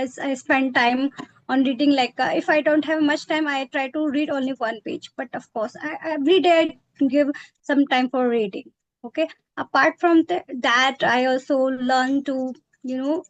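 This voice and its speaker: High-voiced woman, hesitant speech. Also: no echo, dull audio. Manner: hesitant, self-correcting, many fillers. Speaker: English practice partner. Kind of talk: casual conversation practice.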